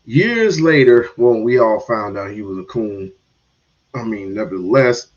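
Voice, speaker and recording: A man's voice: on the low side, moderate pace. A man hosting a show, ranting about sports and culture in a sarcastic, mocking way. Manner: animated, sarcastic, mocking asides. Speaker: podcast host. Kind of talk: opinionated sports commentary rant. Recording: dull lo-fi stream audio.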